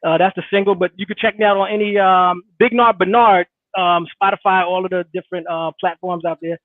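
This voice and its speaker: A man in his forties, a rapper guest on a remote call, talking in an easygoing way with many pauses and fillers. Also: sits high, level tone, no room sound. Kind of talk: casual interview chat. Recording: tinny dry phone-line audio.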